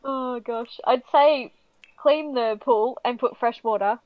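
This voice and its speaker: A woman's voice: on the high side, takes it slowly, no echo. Giggly woman on a slightly dull line. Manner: giggly, chatty. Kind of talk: casual chat.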